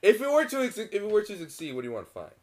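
A young man firing off quick, blunt banter in a chat with friends. He swears freely, and his pitch swings widely from line to line. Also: wildly swooping pitch, a little mellow, a little hiss or hum. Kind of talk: casual chat.

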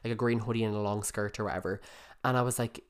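A man's voice: on the low side, steady tone, quick pace, smooth. A young man, co-hosting a casual podcast chat, chatty and swearing often. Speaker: podcast co-host.

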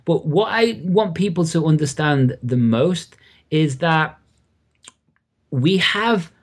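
An English-accented man, a coach, is a guest on a podcast interview. His voice sits on the high side and is husky, and he speaks slowly but with enthusiastic, animated energy.

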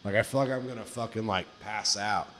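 A man co-hosting a podcast, telling a long story in casual chat, swearing often and jumping high in pitch when he quotes himself. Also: a little fast. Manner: profane, animated storytelling, pitch jumps high on quoted lines. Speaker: podcast co-host.

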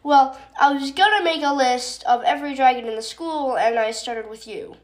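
A woman's voice: high-pitched, normal speed, close to an everyday voice. A woman voicing a polite, curious male dragon student in her storybook.

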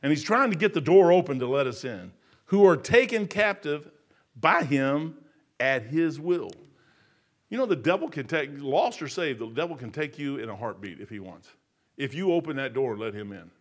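Male preacher, 60s, homespun storyteller, slightly high voice. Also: moderate pace. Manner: folksy, storytelling, gets loud and animated telling jokes. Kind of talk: sermon.

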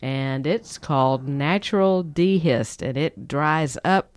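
A woman's voice: sits low, takes it slowly, dry recording. A woman, co-hosting a health podcast and chattily explaining products. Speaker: podcast co-host. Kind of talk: casual health podcast chat.

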